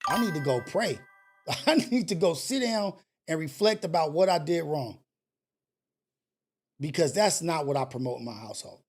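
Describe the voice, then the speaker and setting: A man hosting a live call-in stream, talking casually and preachily, swinging between loud scolding and low murmurs. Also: lively intonation, normal speed, slightly rough, faint music behind. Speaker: host of a live call-in show.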